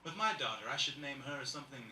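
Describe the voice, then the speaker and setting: A man's voice: mid-range voice, expressive, fast, sharp tone. Rambling man in his thirties doing stand-up. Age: 30s. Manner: rambling, observational, full of "like". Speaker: stand-up comedian. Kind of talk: stand-up comedy set. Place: live comedy venue, indoors. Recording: echoey room, mic from far off.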